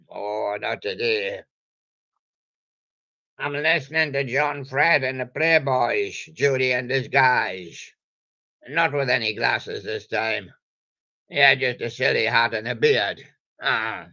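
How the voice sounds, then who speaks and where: A man's voice: medium pitch, slow, creaky, long pauses, pushed and bright, lo-fi sound. An older man rambling playfully to himself in a meandering solo monologue. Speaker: vlogger.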